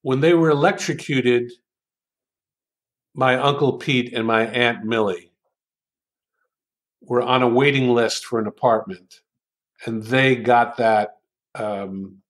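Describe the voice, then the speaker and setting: Unhurried older man explaining writing. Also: mid-range voice. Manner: thoughtful, hesitant with many ums, savors quoted lines. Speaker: author and writing coach, interview guest. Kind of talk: conversational interview, explaining with examples.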